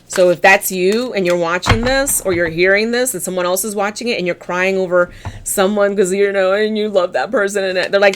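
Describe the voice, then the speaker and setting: A woman's voice: mid-range voice, fairly quick, slight background noise. A woman giving a casual tarot reading, blunt, chatty and encouraging, often restarting her sentences. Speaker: tarot reader.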